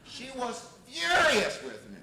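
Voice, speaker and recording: A man giving a university lecture in an animated storytelling way, on an old reel-to-reel tape. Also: very high voice, takes it slowly, a crowd in the background. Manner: animated, loud when acting out exchanges. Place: lecture hall. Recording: old reel-to-reel tape, echoey lecture hall, faint hiss.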